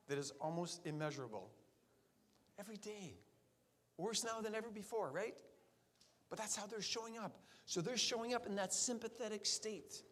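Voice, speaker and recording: A man's voice: high voice, fairly bright tone. A man in his sixties, a chiropractor giving a seminar talk to colleagues, emphatic and full of rhetorical questions to the audience. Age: 60s. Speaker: chiropractor addressing fellow chiropractors.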